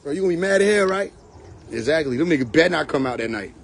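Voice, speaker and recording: A man's voice: on the high side, expressive, fast, creaky, slightly rough. A man telling comic stories on a live stream, acting out both sides of the dialogue and laughing often. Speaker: livestream host. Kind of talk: casual storytelling on a live stream. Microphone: phone.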